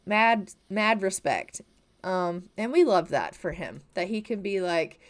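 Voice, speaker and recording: A woman's voice: medium pitch, big pitch swings, a little slow. A woman narrating a life-sim game story for her channel in a chatty, playful way. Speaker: gaming YouTuber. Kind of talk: casual let's-play narration.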